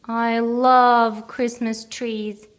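Woman voicing an excitable little bear cub. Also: fairly high pitch, drawn-out words, heavily acted. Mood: excited. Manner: eager, whiny, sing-song.

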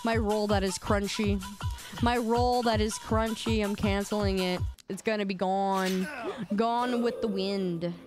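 A young adult woman streamer chatting casually on a live stream, playful and excitable, quick to laugh. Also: medium pitch, over music. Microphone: desk microphone.

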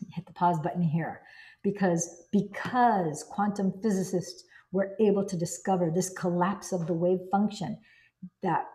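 A woman's voice: lowish voice, a little mellow. A woman reading a self-help book aloud and breaking off into enthusiastic personal commentary. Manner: enthusiastic, exclaims and digresses.

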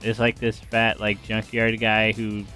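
A man's voice: on the low side, monotone, measured pace, sharp tone, faint music behind. A man co-hosting a let's play, joking and giving casual tips while his partner plays. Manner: joking, laid-back, gives tips. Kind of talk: casual gameplay commentary.

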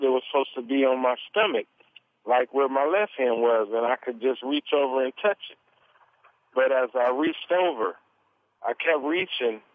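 A man giving an earnest, animated testimony as an interview guest, telling his story at length. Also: mid-range voice. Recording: tinny phone line.

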